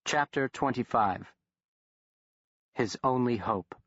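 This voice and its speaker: Male horror audiobook narrator, steady, even delivery, dry, muffled studio sound. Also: medium pitch, slow, husky, dry recording. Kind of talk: scripted narration. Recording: dull, dry studio recording.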